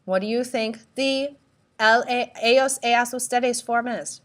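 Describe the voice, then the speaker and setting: A woman teacher giving a recorded tutorial, speaking slowly and deliberately, spelling out letters and asking listeners to repeat. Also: fairly high pitch, steady tone. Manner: slow, deliberate, spells out letters and prompts repetition. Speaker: Spanish teacher.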